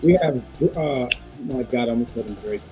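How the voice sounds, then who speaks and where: A man's voice: mid-range voice, brisk, mellow, faint music behind, low-quality recording. A man hosting a casual wrestling prediction show, rambling and playful with lots of fillers. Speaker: podcast host.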